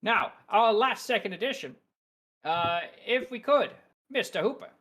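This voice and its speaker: A man game master hosts playfully, and his pitch swings up and down as he passes the talk around the table. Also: measured pace. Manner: playful, lively. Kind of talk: casual hosting.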